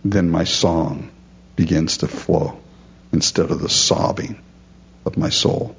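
A man's voice: sits low, fairly even intonation, slow pace, creaky, lo-fi sound. A man preaching a sermon, earnest and emphatic, often calling his listeners folks. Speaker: pastor.

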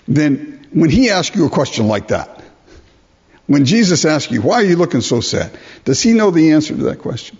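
A male preacher with a somewhat high, husky voice delivers a sermon. He works through scripture and keeps asking his listeners rhetorical questions. The recording is dull and lo-fi.

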